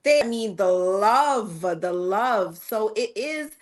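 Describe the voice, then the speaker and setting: A woman's voice: medium pitch, expressive, takes it slowly. A woman guest on a podcast, married, speaking thoughtfully and agreeing with the host. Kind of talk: casual chat.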